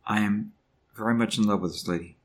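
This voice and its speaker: An older man talking to the camera in a personal video diary, halting and emotional, with many fillers and restarts. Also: lowish voice, steady tone. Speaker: vlogger.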